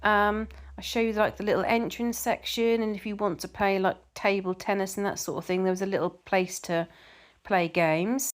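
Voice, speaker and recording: A woman's voice: medium pitch, steady tone, normal speed. Chatty English woman reading comments. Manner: chatty, repeats words, tells anecdotes. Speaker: vlogger reading viewer comments. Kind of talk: casual chat.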